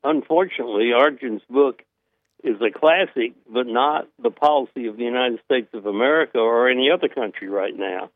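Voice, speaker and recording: A man's voice: mid-range voice, normal speed, no echo. Older Southern man, guest on a phone line, dry and tinny, hesitant and plain-spoken. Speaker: interview guest. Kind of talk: phone interview.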